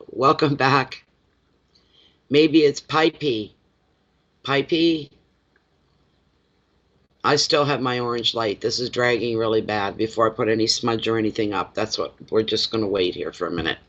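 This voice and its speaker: A man's voice: fairly low pitch, moderate pace, a bit bright, highs cut off. A man who reads tarot cards, chatting casually on a live stream, greeting viewers by name and rambling between readings. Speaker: tarot card reader.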